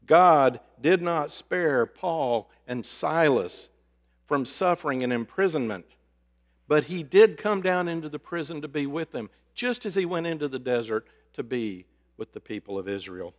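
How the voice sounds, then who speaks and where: A man preaching a sermon, swinging between loud emphasis and hushed, drawn-out words. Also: on the high side, lively intonation. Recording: reverberant hall.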